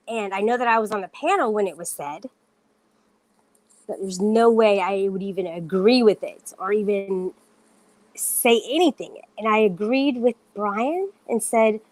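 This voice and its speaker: A woman's voice: medium pitch, no echo. A woman on a casual livestream, talking straight to viewers in an indignant, defensive way, stressing her denials.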